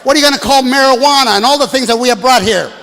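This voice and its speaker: A man in his sixties doing a stand-up comedy set, brashly working the crowd and shouting at the audience from a stage. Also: very high-pitched, very fast. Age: 60s. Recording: live hall with long reverb, faint room noise.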